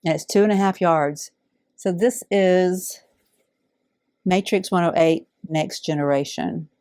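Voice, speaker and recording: A middle-aged woman, warmly unboxing donated fabric in heartfelt, awed casual chat. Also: lowish voice, a little slow, no room sound, clean studio sound. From Alabama. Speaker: quilting channel host.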